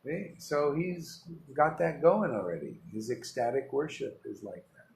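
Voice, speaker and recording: A man's voice: mid-range voice, measured pace, creaky. Man, spiritual teacher, informal devotional talk, emphatic, rambling, rhetorical questions, faint background hum. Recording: roomy echo with faint ambience.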